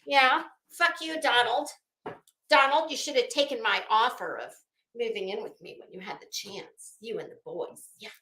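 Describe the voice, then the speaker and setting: A woman's voice: medium pitch, expressive, normal speed, sharp tone, roomy sound. A woman hosting a casual livestream, chatting sarcastically and greeting viewers in her chat. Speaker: livestream host.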